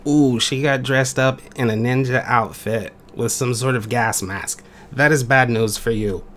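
A man hosting and judging a talent show in an animated game skit, in a playful, wry way. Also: medium pitch, measured pace, slight background noise. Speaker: talent show judge and host.

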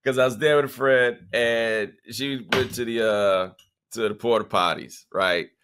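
A man's voice: medium pitch, steady tone, measured pace, noisy background. A man co-hosting a sports talk podcast, telling stories in loose, rambling casual chat full of restarts and repeats. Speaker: podcast co-host.

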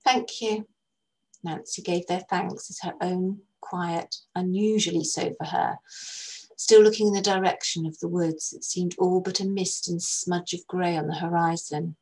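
A woman reads a literary short story aloud, gentle and measured. Her voice sits low and carries a soft husky grain. The narration flows calmly between the characters' lines. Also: low-quality recording. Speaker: narrator, actress reading a story.

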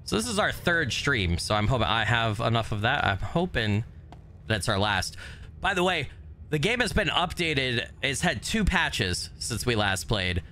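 A man casually commentating his game on a live stream, greeting viewers by name and swearing offhandedly, his voice a little hoarse from recovering. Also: medium pitch, very animated, a little slow, sharp tone, slight background noise. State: voice still recovering, slightly hoarse. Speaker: gaming streamer.

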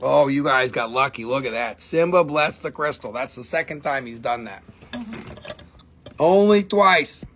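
A man's voice: mid-range voice, lively intonation, a little slow, a bit bright. A man hosting a live stream where he sells minerals, chatting casually and joking around, and talking to his dogs between items. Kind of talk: casual live sales chat.

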